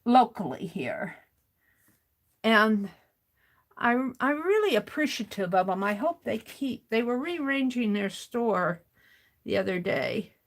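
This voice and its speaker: Brief: woman craft streamer, rambling self-talk, gravelly fry in her voice. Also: a little high, very animated, takes it slowly. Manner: rambling, talks to herself as she works. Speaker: craft livestream host. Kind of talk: casual chat while crafting.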